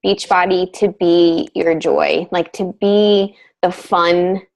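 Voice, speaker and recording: A woman's voice: lowish voice, fairly even intonation, takes it slowly, vocal fry, a little mellow, poor audio. Gushing upbeat woman coach. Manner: gushing, upbeat, filler-heavy. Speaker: fitness team coach. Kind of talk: casual group video call.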